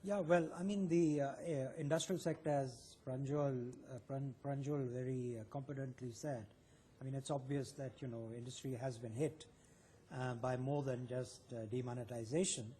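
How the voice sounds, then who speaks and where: A man's voice: medium pitch, fairly even intonation, normal speed, mellow, slight background noise. A man speaking as a guest on a live TV news panel, hesitant with frequent fillers.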